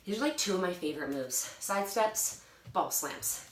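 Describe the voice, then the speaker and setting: This fitness instructor, her voice on the low side, animated and at normal speed, leads a home workout while chatting and cheering on viewers between breaths. A phone camera films her from across an echoey room, picking up background noise.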